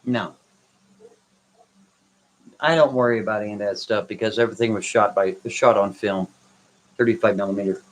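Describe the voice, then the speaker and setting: A man's voice: lowish voice, normal speed, long pauses, slight background noise, poor audio. A man hosting a live stream, answering viewers' comments in a blunt, brash, dismissive way. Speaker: livestream host reading chat. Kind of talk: casual live chat.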